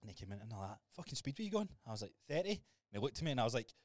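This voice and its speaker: Fast-talking young Scottish guy. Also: lowish voice, lively intonation, darkish tone, no room sound. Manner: storytelling, sweary, laughs often. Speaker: podcast co-host. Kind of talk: casual chat.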